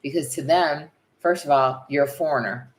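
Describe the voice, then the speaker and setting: A middle-aged woman from the United States chatting casually as a vlog co-host, animated and storytelling. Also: low voice, moderate pace. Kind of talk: casual live chat.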